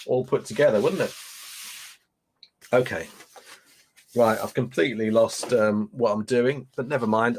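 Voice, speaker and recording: A man's voice: mid-range voice, slight background noise. Chatty man hosting a livestream. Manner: chatty, rambling, reads viewer comments aloud. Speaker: livestream host. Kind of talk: casual live unboxing chat.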